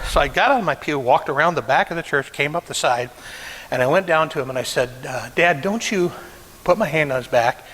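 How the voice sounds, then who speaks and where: Storytelling pastor in a reverberant hall. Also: male voice, on the high side, expressive, fast talker, fairly bright tone. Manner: emotional, acts out quoted voices. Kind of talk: sermon storytelling.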